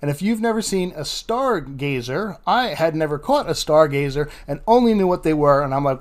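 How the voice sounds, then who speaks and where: A man's voice: a little high, lively intonation, brisk, few pauses. A man narrating his fishing vlog outdoors on a beach, chatty and laughing often as he talks to viewers. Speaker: fishing vlogger.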